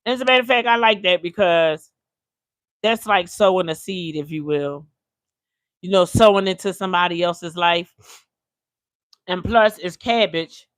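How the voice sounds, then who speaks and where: Hosting a casual cooking livestream from her home kitchen, this older woman tells stories in a chatty, slangy way and laughs a lot. She has a lowish voice and a measured pace broken by long pauses, and the recording is dry.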